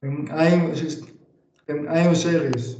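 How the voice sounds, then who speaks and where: A man's voice: fairly high pitch, fairly even intonation, a little mellow, reverberant, dull audio, slight background noise. Young man from Israel repeating carefully. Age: 20s. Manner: careful slow repetition with fillers and stutters. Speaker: speech therapy client. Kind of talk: repeating phrases in therapy.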